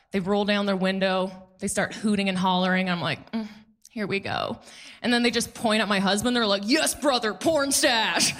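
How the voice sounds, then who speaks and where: A woman in her thirties doing a stand-up comedy set on a club stage, animated and acting out quotes in put-on voices. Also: medium pitch.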